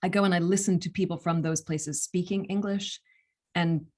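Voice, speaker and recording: A woman's voice: lowish voice, fairly even intonation, moderate pace, darkish tone. A young American woman, an audiobook narrator, answering interview questions in a thoughtful, step-by-step way. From United States. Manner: thoughtful, explains step by step with small restarts.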